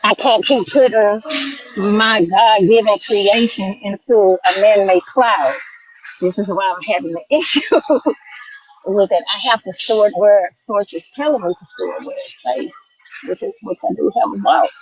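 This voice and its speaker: A woman's voice: mid-range voice, moderate pace, slight background noise. A woman musing aloud as a podcast guest, rambling through her thoughts in a casual chat. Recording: muffled lo-fi audio.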